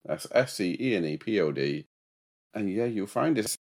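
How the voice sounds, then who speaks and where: A man with a South Yorkshire accent chats as a podcast guest over a remote call. His voice sits very low, and he mumbles and restarts words as he goes. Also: lively intonation, moderate pace, darkish tone. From South Yorkshire, England. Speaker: podcast guest and host of his own show. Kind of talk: casual remote podcast chat.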